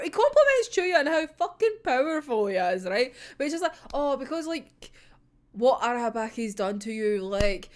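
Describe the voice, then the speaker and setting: Young woman fangirling over manga pages, swears a lot, giggles, high voice that jumps all over. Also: sing-song, measured pace. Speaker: manga reviewer. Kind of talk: casual fan commentary.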